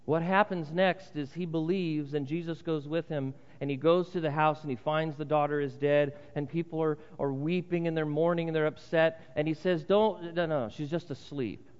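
Male pastor, slightly high voice, dramatic sermon delivery with hushed emphasis; reverberant church, muffled lo-fi sound. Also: fairly even intonation, moderate pace, few pauses, clear, resonant tone. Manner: earnest, dramatic, drops to a hush for emphasis. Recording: reverberant hall, dull lo-fi sound.

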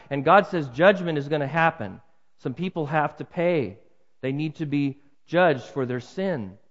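A man preaching a sermon earnestly, swinging his pitch and loudness for emphasis. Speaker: pastor. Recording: muffled with long hall reverb.

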